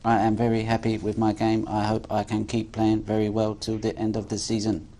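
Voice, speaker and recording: A snooker player voicing a deadpan robot in stiff, formal sentences. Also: male voice, lowish voice, brisk, lightly acted. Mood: flat. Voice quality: flat monotone delivery.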